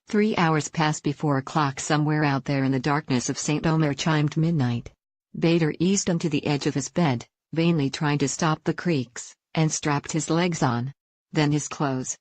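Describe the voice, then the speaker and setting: A woman reading a wartime escape story aloud as narrator, in a steady storytelling manner. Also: low voice, no echo. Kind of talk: scripted narration.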